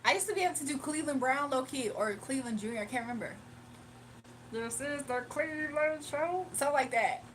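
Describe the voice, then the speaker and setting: A woman's voice: high-pitched, racing, hardly any pauses, a bit bright, slight background noise. A young woman hosting a casual livestream, laughing often and chatting in slang with her viewers. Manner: laughs often, slangy, reads chat aloud. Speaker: livestream host. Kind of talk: casual live-stream chat with viewers.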